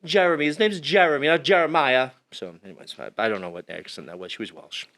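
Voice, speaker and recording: Male host, casual chat, animated pitch, rambles and trips over words. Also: fairly quick, gravelly. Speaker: podcast host. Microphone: no headphones, remote link.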